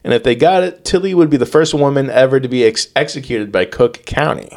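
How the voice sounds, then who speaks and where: A man's voice: medium pitch, brisk, vocal fry, a little mellow. Crude, joking male podcast host. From United States. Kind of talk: casual storytelling chat.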